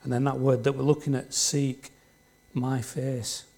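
A man's voice: mid-range voice, level tone, a little slow, creaky, darkish tone. Man preaching, chatty tag questions. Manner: conversational, leans on tag questions to the congregation. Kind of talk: sermon. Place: church.

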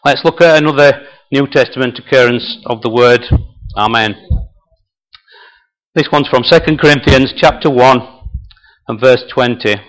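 A man's voice: medium pitch, moderate pace, a bit bright, poor audio. Guy giving a sermon, chatty, keeps asking the room stuff, voice going a bit. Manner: chatty, asks the congregation questions. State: voice tiring, clearing throat. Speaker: preacher. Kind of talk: sermon with a told joke.

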